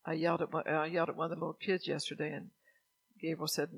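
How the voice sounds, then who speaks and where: Gravelly high-voiced older male preacher. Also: little pitch movement, fast, a bit bright. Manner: conversational, anecdotal, asks the congregation questions. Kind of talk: sermon.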